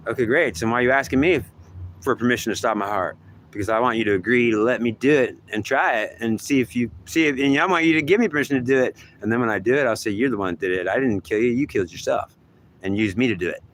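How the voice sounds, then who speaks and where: Man, mid pitch, talking to himself in two sides of an argument; rambling, repetitive, profane. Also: fast, fairly bright tone, slight background noise. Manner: argues with himself, swearing and repeating. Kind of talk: rambling self-dialogue.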